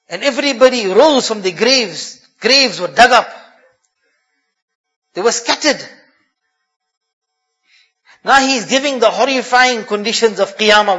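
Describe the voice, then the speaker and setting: A male preacher telling a sermon story with dramatic flair, dropping in Arabic phrases. His voice is very high for a man, bright and forceful. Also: muffled recording.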